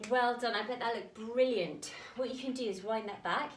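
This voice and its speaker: A woman with a British accent leading a children's dance lesson, slightly out of breath, giving gentle, encouraging cues. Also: a little high, normal speed, a little hiss or hum. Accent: British English. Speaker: dance teacher. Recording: roomy sound, mic at a distance.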